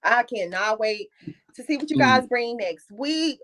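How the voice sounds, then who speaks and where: Woman host for a loose live-stream chat; slightly high voice, rambling delivery packed with fillers. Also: animated, unhurried, fairly bright tone. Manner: rambling, filler-heavy talk.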